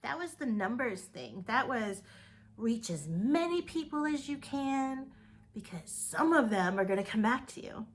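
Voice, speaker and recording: A woman's voice: fairly high pitch, sing-song, a little slow, slight background noise. A woman giving an upbeat motivational talk to her direct sales team, repeating words for emphasis.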